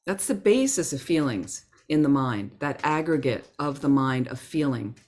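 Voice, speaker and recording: Woman, Buddhist teacher, Dharma talk, low voice, gentle conversational manner. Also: animated, normal speed. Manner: conversational, gentle, acts out inner thoughts.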